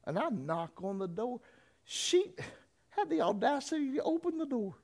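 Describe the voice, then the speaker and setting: A man preaching a sermon and telling his own story. He talks straight to the congregation and moves between quiet storytelling and shouted preaching. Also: very high voice, big pitch swings, moderate pace. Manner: addresses the congregation directly. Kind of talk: sermon with personal testimony.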